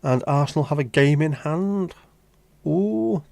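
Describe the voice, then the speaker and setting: A man's voice: medium pitch, normal speed, mellow, dry recording. A man with a Liverpool accent hosting a casual livestream, bantering bluntly and swearing as he chats with viewers. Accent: Liverpool (Scouse). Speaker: livestream host. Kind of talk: casual live-stream chat.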